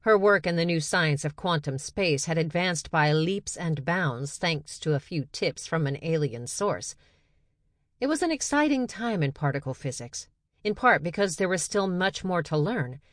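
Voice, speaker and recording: Low-voiced woman narrating a story. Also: no echo, studio quality. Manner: steady, measured storytelling. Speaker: audiobook narrator. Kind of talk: scripted narration.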